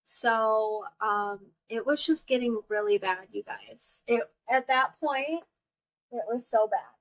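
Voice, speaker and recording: A woman's voice: a little high, slow. A young woman, hosting a podcast and telling a personal story in a chatty, exclaiming way full of fillers. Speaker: podcast host. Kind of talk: casual storytelling to listeners.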